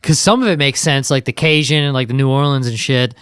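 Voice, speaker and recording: A man's voice: medium pitch, a little fast, fairly bright tone, clean tone, dry recording, clean studio sound. A man co-hosting a podcast in casual chat, laid-back and swearing casually. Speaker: podcast co-host.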